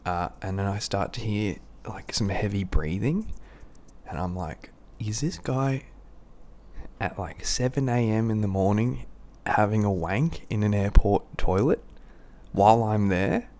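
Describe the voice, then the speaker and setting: A man's voice: fairly low pitch, a little slow, a little mellow. A young Australian man telling a crude, rambling, self-mocking anecdote in a casual way, laughing at his own story.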